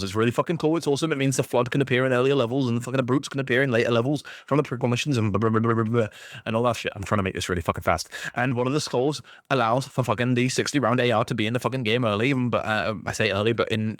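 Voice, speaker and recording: A man's voice: medium pitch, no room sound, clean studio sound. A man ranting about a video game series he loves, swearing constantly in an exasperated, passionate way. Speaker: gaming YouTuber.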